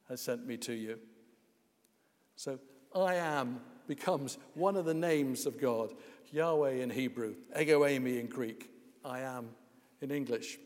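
A man preaches a sermon in a relaxed, conversational way, dropping in wry asides and small hesitations. His voice sits at an ordinary pitch. A long reverb trails each phrase, as in a large church hall.

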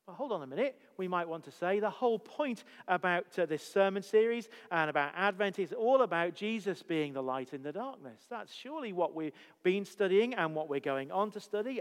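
A man's voice: high voice, in a large hall. A man preaching a sermon as pastor, emphatic and full of rhetorical questions.

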